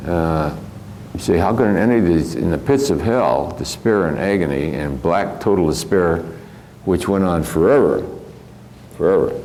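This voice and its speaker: A man's voice: deep voice, darkish tone, a little hiss or hum, poor audio. An older man from the American Midwest giving a rambling, reflective spiritual lecture and often chuckling as he tells stories. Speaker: spiritual teacher.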